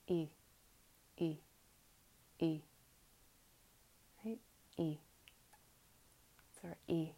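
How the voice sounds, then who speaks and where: A woman teaching mantra pronunciation in a slow, guided lesson, patiently demonstrating each vowel and consonant aloud. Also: on the low side, gravelly, warm tone.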